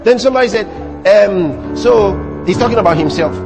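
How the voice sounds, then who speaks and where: A man with a Nigerian accent preaching a sermon in church, animated and teasing the congregation. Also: high voice, normal speed, creaky, in a large hall. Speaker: pastor. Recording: music playing behind the sermon.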